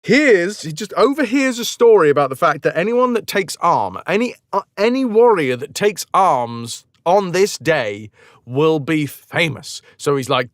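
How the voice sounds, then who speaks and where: Lively, swearing man retelling a legend. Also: fairly high pitch, measured pace, no room sound, studio quality. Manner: animated, profane, jokey asides. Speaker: streamer. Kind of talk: casual retelling of a myth.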